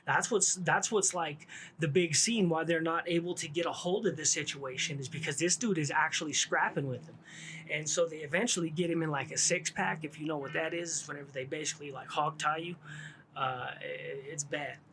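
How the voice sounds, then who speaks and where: A middle-aged man tells a rambling story from his past in loose street slang, circling back and restarting often. His voice sits a little high for a man. A faint hiss runs behind him. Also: a little fast, pushed and bright. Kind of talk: casual storytelling.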